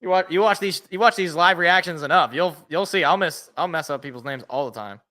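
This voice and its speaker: A man's voice: on the high side, fairly quick, bright, forceful tone. A young man hosting a live sports reaction, mixing casual chat with his own play-by-play calls and often restarting his sentences. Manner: chatty, rambling, restarts mid-sentence.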